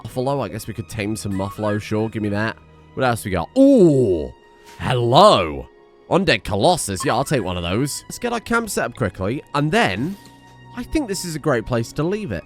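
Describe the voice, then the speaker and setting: A man hosting a let's play, narrating as he goes with excitable, jokey asides and frequent swearing, his voice strained from shouting. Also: medium pitch. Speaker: gaming channel host.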